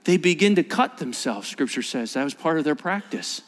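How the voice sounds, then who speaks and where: Male preacher, high voice, lively storyteller, echoey hall. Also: normal speed, a little hiss or hum. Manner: animated storytelling, acts out scenes. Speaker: pastor. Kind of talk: sermon. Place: large church auditorium.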